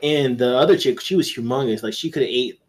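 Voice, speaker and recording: A man's voice: medium pitch, fast, husky. A man guest-hosting a podcast, telling rambling, profane anecdotes in casual chat, with restarts and laughter.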